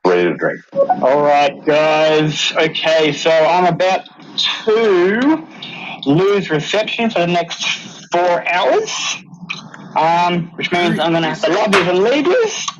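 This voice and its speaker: A man in casual talk, saying friendly, relaxed goodbyes on a call. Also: sits high, slow. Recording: dull, lo-fi call audio with faint hiss.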